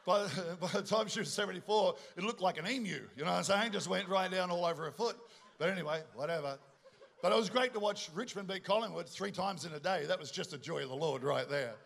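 Middle-aged man, high-pitched, lively joking preacher working the room. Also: quick pace, creaky. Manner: animated, joking storyteller with asides to the congregation. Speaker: pastor. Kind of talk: sermon.

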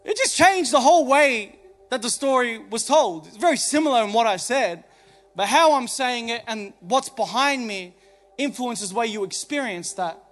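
A man's voice: extremely high pitch, lively intonation, moderate pace, a bit bright. A man preaching a sermon as pastor on a church stage, emphatic, with many rhetorical questions.

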